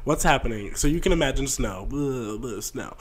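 A man's voice: mid-range voice, lively intonation, brisk. A man with a nasal voice co-hosting a podcast in casual chat from a sunny room at home, playful and laughing often. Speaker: podcast co-host.

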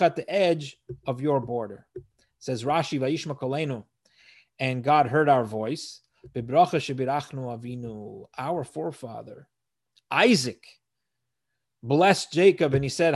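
Speaking with a medium-pitched, darkish voice, a man teaches scripture verse by verse. He reads out Hebrew phrases, translates them one by one, and explains earnestly as a Torah teacher, with many restarts along the way.

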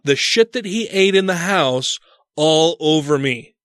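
A man telling a story in casual chat, animated and profane, acting out his own panicked voice in a home studio. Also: on the high side, a little slow, dry recording.

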